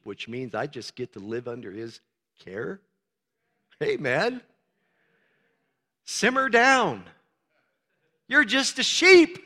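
A man preaching a sermon as pastor, swinging from soft, low talk to loud, emphatic shouting. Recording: long reverb of a large hall.

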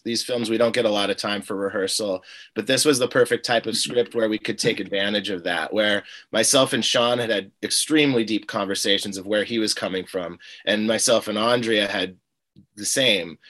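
A man, a film director, answering in an interview in a measured, hesitant way. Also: on the low side, sharp tone. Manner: measured, hesitant, restarts phrases.

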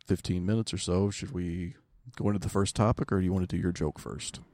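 A man's voice: low-pitched, steady tone, brisk, darkish tone, no echo. A man co-hosting a podcast in casual chat, teasing his partner with dry jokey asides. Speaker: podcast co-host.

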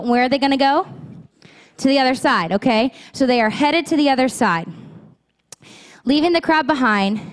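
A woman in her thirties preaching a sermon in a church, talking candidly and conversationally. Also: a little high. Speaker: pastor. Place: church auditorium.

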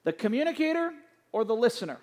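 A man's voice: extremely high pitch, sing-song, fast talker, darkish tone. A middle-aged male pastor preaching a sermon and giving church announcements in a conversational, anecdotal way, with many fillers. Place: church sanctuary. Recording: long hall reverb.

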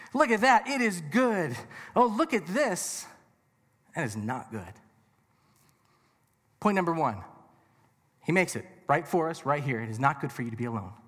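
A pastor with a high, fairly bright voice preaches a sermon to a crowd in a conversational, joking way, tossing out rhetorical questions. The audio is reverberant, with the long echo of a big hall behind him.

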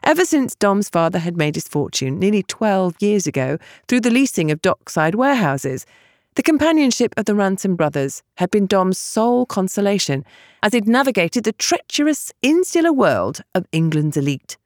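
Expressive woman narrating an audiobook. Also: medium pitch, normal speed, no echo, clean studio sound.

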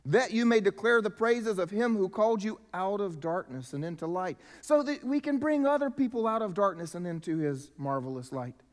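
High-voiced male preacher in a reverberant hall. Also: expressive, moderate pace, hardly any pauses. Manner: preaching with emphatic rises and drops in volume. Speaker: pastor. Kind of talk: sermon.

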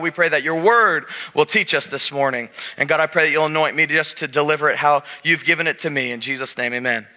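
Bright-voiced preaching pastor, man. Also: on the high side. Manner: jokey, emphatic preaching with a congregation. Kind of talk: sermon. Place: church sanctuary. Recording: reverberant church hall.

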